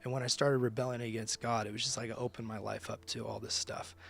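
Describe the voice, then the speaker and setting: Man, mid-pitched voice, ministry leader, personal testimony, emphatic, casual slang. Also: flat delivery, quick pace, creaky, a little hiss or hum.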